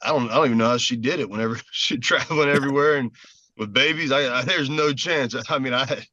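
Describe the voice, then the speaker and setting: A man's voice: mid-range voice, fast talker, bright, forceful tone, dry recording, muffled recording. A man from South Carolina, an easygoing former ballplayer chatting as a guest from a parked car. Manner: easygoing, laughs often. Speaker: guest, former baseball player. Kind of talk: casual interview.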